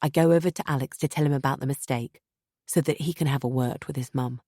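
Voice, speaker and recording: Female audiobook narrator, low register, dry studio sound, tense measured reading. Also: fairly even intonation, mellow, breathy edge, no room sound. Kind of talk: first-person thriller narration.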